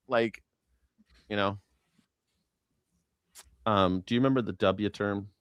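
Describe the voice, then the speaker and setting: A man's voice: fairly low pitch, slow, long pauses, clear, resonant tone, dry recording, studio quality. A man hosting a casual live-stream chat, swearing freely and joking in mock accents. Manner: profane, jokey, mimics accents. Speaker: show host.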